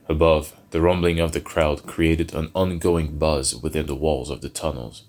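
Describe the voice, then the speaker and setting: Very deep-voiced male dark fantasy narrator. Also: fairly even intonation, moderate pace, few pauses. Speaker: storyteller.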